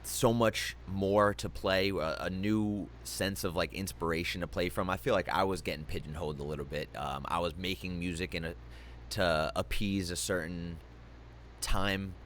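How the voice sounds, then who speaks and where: A man's voice: low voice, steady tone, normal speed, fairly bright tone, a little hiss or hum. A young adult man hosting an interview, talking casually with many ums and restarts and some swearing. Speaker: host.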